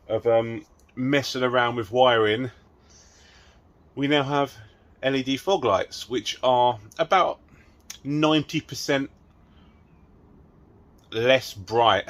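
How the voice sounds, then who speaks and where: Working under a car with the camera right at his face, a man chats his way through a DIY repair for his car modding vlog. Easily frustrated, he swears and laughs at himself, and his voice is medium-pitched and a bit bright.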